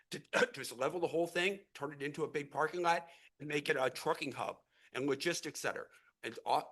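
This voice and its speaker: Before the city council, a middle-aged man who grew up in the St. Louis area argues passionately as a real estate investor, his voice fairly high and fairly bright. He rambles earnestly, with words repeated and started over.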